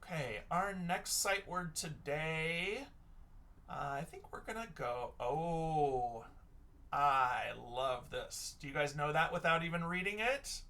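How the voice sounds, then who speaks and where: Male teacher, young adult, recorded kids' reading lesson; unhurried, sounds words out letter by letter. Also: fairly high pitch, expressive, pushed and bright.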